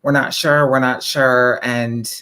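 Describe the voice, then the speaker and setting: A man's voice: mid-range voice, flat delivery, slow, bright, forceful tone, clear, resonant tone. Easygoing man co-host. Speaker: podcast co-host. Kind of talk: casual live-show chat.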